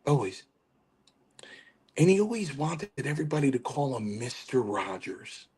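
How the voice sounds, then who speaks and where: A man impersonating a fatherly older male wrestling veteran in a slightly raised, halting voice. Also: mid-range voice, very animated, darkish tone, breathy edge, pitched above the performer's own voice. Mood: stern.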